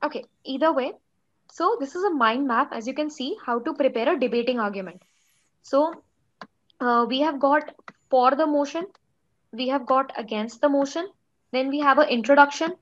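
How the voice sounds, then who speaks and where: Young female teacher, Indian English accent, high voice, casual filler-heavy lecture. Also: normal speed, lo-fi sound. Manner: chatty, fillers like "okay" and "like". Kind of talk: online class lecture.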